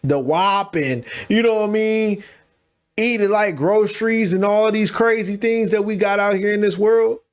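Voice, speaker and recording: A high-voiced man hosts a reaction video and talks through a clip in casual, slangy commentary. He quickly agrees with the point and repeats it in his own words. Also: smooth. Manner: fast, agreeing, restating the guest's point with slang. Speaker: reaction channel host.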